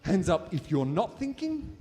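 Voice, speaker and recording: Lively Australian man in a reverberant hall. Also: high-pitched, a little slow. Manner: playful, animated, jokey, talking to a volunteer and crowd. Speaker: science show presenter. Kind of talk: live science demonstration for an audience. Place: stage in a large hall with an audience.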